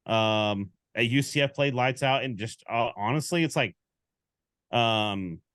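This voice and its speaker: A man co-hosting a casual sports podcast, telling stories with lively quoted back-and-forth. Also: mid-range voice, a little slow, clear, resonant tone, no room sound, studio quality. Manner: animated storyteller, acts out quoted exchanges. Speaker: podcast co-host.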